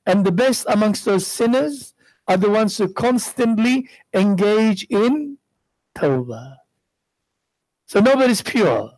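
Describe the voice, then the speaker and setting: A sheikh in middle age gives a religious talk full of stories, throwing out rhetorical questions and performing the characters' voices. His voice sits high, and the low-quality recording carries no echo.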